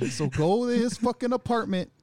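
Guy doing a loud crude bossy dude barking orders, cranked up high. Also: animated, normal speed, no echo, studio quality. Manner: shouty, crude, impatient.

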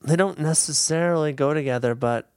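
A man co-hosting a podcast in casual chat, emphatic and animated, laughing often. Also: a little high, a little fast, smooth, no echo. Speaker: podcast co-host.

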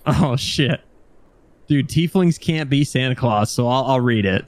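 A man's voice: medium pitch, expressive, unhurried, dry recording. A man playing a tabletop game, talking casually and swearing freely. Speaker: player. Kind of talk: casual tabletop role-play.

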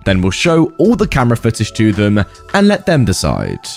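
A man voicing a calm, firm father. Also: on the low side, brisk, creaky, soft background music, voice pushed down, full character voice.

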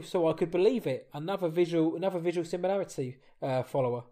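A high-voiced man co-hosts a podcast with upbeat, chatty energy. He reads listener messages and riffs on them in a casual, friendly way. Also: fast talker, hardly any pauses. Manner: energetic, banter-filled, reading listener messages. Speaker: podcast co-host.

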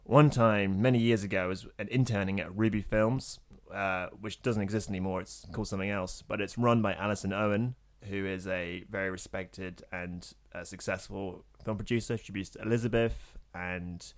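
A man co-hosting a film podcast, telling stories in an animated way and laughing often. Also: deep voice, moderate pace, few pauses. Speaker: podcast co-host. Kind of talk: casual chat.

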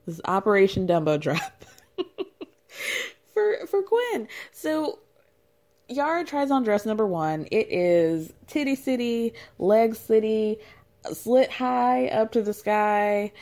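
A woman's voice: on the high side, lively intonation, slow pace, a little mellow. A woman recapping a reality show in a casual, gossipy, chatty way, laughing often.

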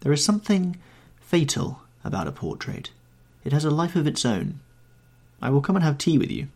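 A man's voice: on the high side, big pitch swings, normal speed, a little mellow, voice pushed up. A man voicing a charming, guarded young man in a storybook reading, with a lighter, evasive delivery. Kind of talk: audiobook character reading.

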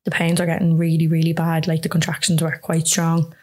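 A woman's voice: low-pitched, monotone, a little fast, warm tone. A young Irish woman frankly telling a personal story in conversation, speaking earnestly and often filling with "like". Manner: earnest, frank, lots of "like" fillers. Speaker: guest.

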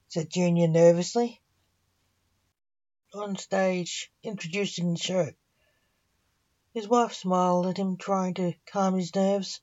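A woman reading a story aloud in a slow, even storytelling manner. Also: fairly low pitch, dull audio.

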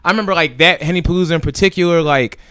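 A man's voice: a little high, rapid-fire, clear, resonant tone, dry recording, studio quality. A man with a Philadelphia accent, co-hosting a podcast, who tells stories in casual, profane chat and acts out what others said. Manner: animated, profane, quotes others in put-on voices. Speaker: podcast co-host.

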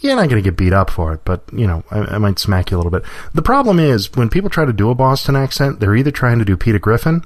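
A man's voice: lowish voice, big pitch swings, fast, few pauses, dry recording, clean studio sound. A man co-hosting a podcast, talking casually with wry, joking asides. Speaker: podcast co-host.

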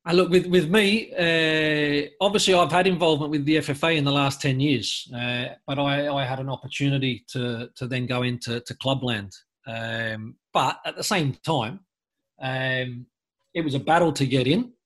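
A man's voice: medium pitch, fairly even intonation, normal speed, fairly bright tone. A man from Australia, a former footballer, speaking earnestly as a podcast guest, restarting sentences often with lots of fillers. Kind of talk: conversational interview.

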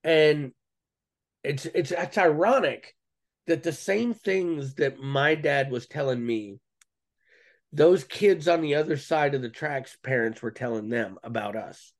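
A man speaks as a podcast guest in a casual, earnest storytelling manner. His voice is a little higher than most men's, and he talks in a slangy way with frequent restarts. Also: a little slow.

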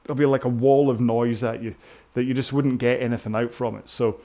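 Rambling, self-mocking British rowing coach. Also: male voice, mid-range voice, level tone, fairly quick, mellow. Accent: British English. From Britain. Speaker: rowing instructor. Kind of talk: casual talk over a row-along workout.

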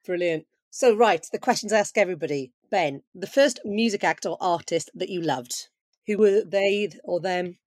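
A woman's voice: on the low side, moderate pace, darkish tone, dry recording. Eager woman podcast host, dry sound. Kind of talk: casual podcast interview.

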